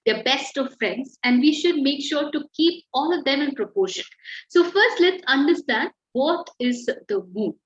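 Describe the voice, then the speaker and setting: A woman leads an online creative writing lesson and talks in a high voice. She is encouraging and often says a word twice for emphasis. Her audio is dull and lo-fi, with an echoey room around it. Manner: encouraging, repeats words for emphasis.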